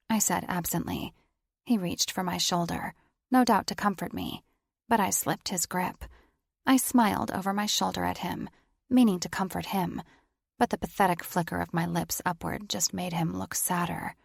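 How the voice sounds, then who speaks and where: Low gravelly female audiobook narrator. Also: steady tone, moderate pace, no room sound, clean studio sound. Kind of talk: first-person audiobook narration.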